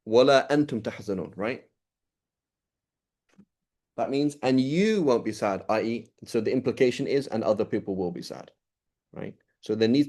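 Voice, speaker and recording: A man's voice: mid-range voice, darkish tone. A man teaching an informal Quran study class, explaining step by step and checking in with his listeners often.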